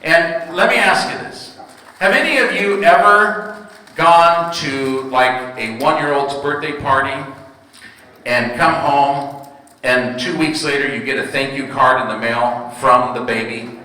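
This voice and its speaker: A young man performing a stand-up comedy routine, telling animated stories and slipping into put-on voices. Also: mid-range voice, measured pace. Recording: echoey hall from far off.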